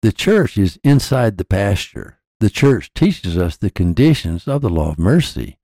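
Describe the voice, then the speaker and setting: A podcast narrator gives a scripted religious teaching on scripture in a low, mellow male voice, very animated, with pitch that rises and falls widely. He lays out each point in measured, declarative sentences, and the sound is close and dry.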